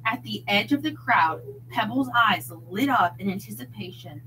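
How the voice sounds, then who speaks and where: A woman reading a mystery novel aloud in an expressive, dramatic way. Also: medium pitch, normal speed, slight background noise, poor audio. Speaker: narrator.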